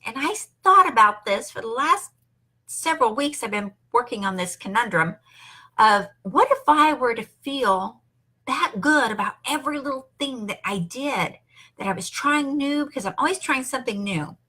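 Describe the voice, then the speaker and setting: A woman's voice: high-pitched, pushed and bright. An older woman and grandmother, talking in an enthusiastic, emphatic, upbeat way about her online business. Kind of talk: motivational talk to camera.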